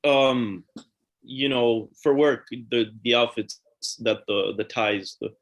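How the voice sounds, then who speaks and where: A man's voice: medium pitch, takes it slowly. A middle-aged actor playing a jobless father caught cheating, hesitant and pleading, mixing in Spanish words on a theatre stage. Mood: evasive. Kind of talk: live student stage drama.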